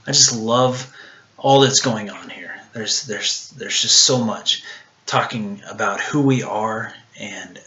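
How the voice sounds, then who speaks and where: A man's voice: mid-range voice, bright, forceful tone. A man giving a casual devotional talk, earnest and searching, with many ums and restarts, dropping almost to a whisper on intimate words.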